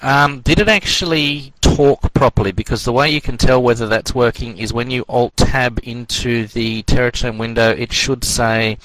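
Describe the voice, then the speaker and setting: A man teaching an online networking class in a relaxed, rambling way with many fillers. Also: mid-range voice, normal speed, hardly any pauses, rough recording. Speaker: networking course instructor.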